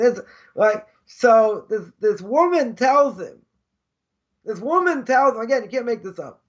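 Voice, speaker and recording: A man's voice: very high-pitched, animated, a little slow, lo-fi sound. A man teaching an informal religious class as a rabbi, telling stories in a chatty way and repeating phrases for emphasis. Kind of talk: informal Torah class with storytelling.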